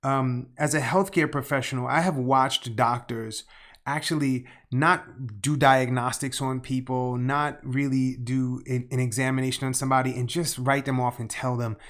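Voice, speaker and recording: A man's voice: medium pitch, steady tone, moderate pace, a bit bright. A man co-hosting a podcast, a healthcare professional, talking heatedly with many stumbling restarts and some swearing. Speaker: podcast co-host. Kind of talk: casual podcast discussion.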